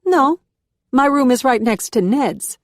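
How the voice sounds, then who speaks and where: A woman's voice: fairly high pitch, very animated, a little fast, warm tone, no echo, studio quality, pitched above the performer's own voice. A woman putting on a chatty young housemate with a drawl. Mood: friendly, curious. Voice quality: South American cadence with Southern drawl. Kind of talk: audiobook character voice.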